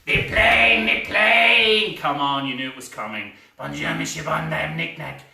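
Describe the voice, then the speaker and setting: A little French henchman, as a man puts him on, gravelly and sharp-edged, sly in tone. The voice is bright and crackling, heard in a roomy theatre from a distance. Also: on the high side, a little slow, exaggerated voice. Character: small scheming male henchman, French-speaking.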